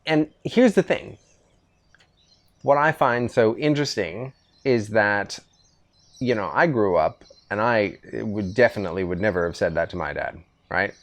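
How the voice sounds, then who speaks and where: Speaking a little slowly in a lowish voice, this middle-aged podcast host sits out on a veranda for a relaxed chat with his son. His storytelling wanders, easygoing and full of restarts.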